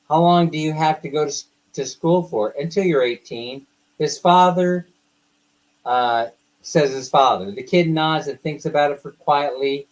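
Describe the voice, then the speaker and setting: A man's voice: on the high side, rough recording. Chatty man reading jokes on a livestream. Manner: chatty, laughs at his own jokes, rambling asides. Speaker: livestream host.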